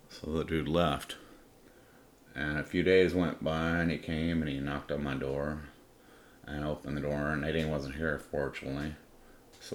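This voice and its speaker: A man's voice: very deep voice, little pitch movement, moderate pace. A middle-aged man, telling a crude, defiant personal story in blunt, profane first-person style as a podcast host. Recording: roomy room with faint ambience.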